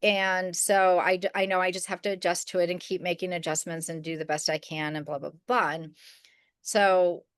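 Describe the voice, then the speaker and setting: A middle-aged woman telling a story on a podcast, casual and rambling, with many restarts and fillers. Her voice is smooth and clear, recorded close and dry. She slips into the voices of the people she quotes. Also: fairly low pitch, flat delivery, normal speed, no echo. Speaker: podcast co-host.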